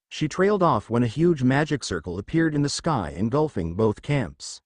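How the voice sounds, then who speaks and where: A man reading fan fiction aloud in a plain, steady way. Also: medium pitch, normal speed, hardly any pauses, no echo, clean studio sound. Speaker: story reader.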